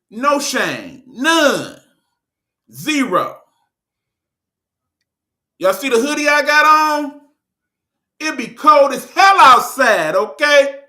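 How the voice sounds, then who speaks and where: A man's voice: very high voice, sharp tone. A man with a Detroit accent hosting his own online show, ranting in a blunt, profane, joking way. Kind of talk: casual ranting monologue.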